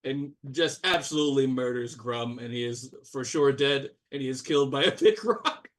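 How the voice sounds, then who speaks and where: A man's voice: medium pitch, normal speed, far from the mic. A man narrating a tabletop game as game master, rambling with lots of fillers and restarts. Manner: rambling, filler-heavy narration with sudden voices.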